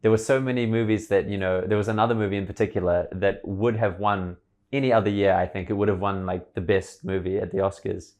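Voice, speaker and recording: Deep-voiced man hosting a chatty podcast. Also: steady tone, fast talker, darkish tone. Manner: chatty, enthusiastic, rambling. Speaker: podcast host. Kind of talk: casual conversation.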